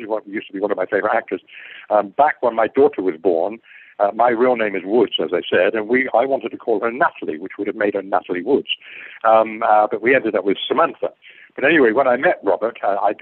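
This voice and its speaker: Older guy rambling through stories on a call, tinny phone sound, kinda husky. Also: lowish voice, dry recording. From England. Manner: digressive, repeats words, loses his thread. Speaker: guest actor. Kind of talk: rambling interview anecdotes. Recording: muffled phone-like call line.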